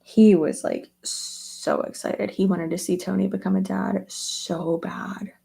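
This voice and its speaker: A young woman talking through her makeup routine in a loose, rambling way. Her voice is husky and slightly gravelly, with a mellow, relaxed tone. She fills her sentences with likes and ums. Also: mid-range voice, slow. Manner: chatty, rambling with many fillers. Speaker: beauty vlogger. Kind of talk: casual get-ready-with-me chat.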